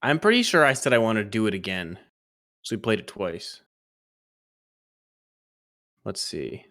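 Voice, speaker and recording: Casting: male streamer, a bit low-pitched, chatty and teasing, laughs a lot. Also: sing-song, measured pace, bright, forceful tone. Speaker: streamer co-host. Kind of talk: casual chat.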